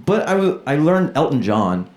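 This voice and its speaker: A man's voice: fairly high pitch, very animated, normal speed, darkish tone. A man performing a stand-up comedy set, chatting loosely with the crowd and acting out voices. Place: comedy club stage. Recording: roomy club with crowd laughter. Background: laughing audience.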